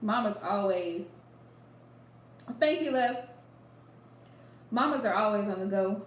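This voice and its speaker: A woman hosting a live chat with her viewers, animated and emphatic, repeating her points and laughing often. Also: medium pitch, slow pace, roomy sound, rough recording. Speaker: livestream host giving readings.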